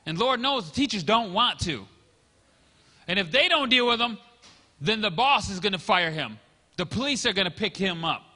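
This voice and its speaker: Middle-aged male pastor, sermon delivery, bright high voice, lively storyteller who acts out quotes. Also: moderate pace. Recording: long hall reverb.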